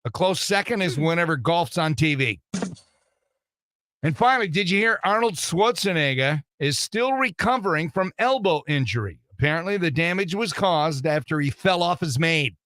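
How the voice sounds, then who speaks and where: A man's voice: on the high side, lively intonation, normal speed, a bit bright. An older man hosting a radio show from the studio, running through joke-filled news bits with a wisecracking delivery. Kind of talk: morning radio comedy chat.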